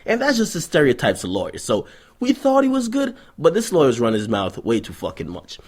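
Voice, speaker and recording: A man's voice: medium pitch, huge pitch swings, brisk, a little mellow, husky. A young adult man hosting a vlog, ranting through hip-hop news commentary in a profane, sarcastic, storytelling manner.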